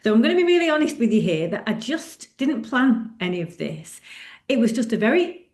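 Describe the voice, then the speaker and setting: A woman's voice: on the high side, big pitch swings, brisk, a little mellow, roomy sound. A middle-aged woman coach talking candidly and reflectively on a coaching call, often laughing. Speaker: running club coach.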